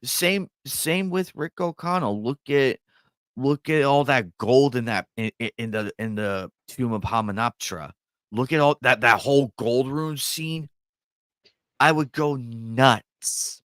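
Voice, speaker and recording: Male co-host, loose and rambling with plenty of swearing, mid-pitched voice, dry room. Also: a little slow, fairly bright tone, no echo. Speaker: co-host of a movie reaction channel. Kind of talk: casual chat about films.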